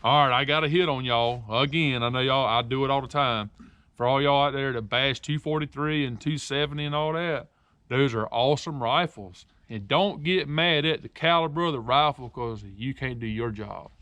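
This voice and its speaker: A man's voice: medium pitch, moderate pace, pushed and bright, smooth, no echo. A man hosting a casual interview, chatty and joking, with sarcastic asides. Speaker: outdoors show host.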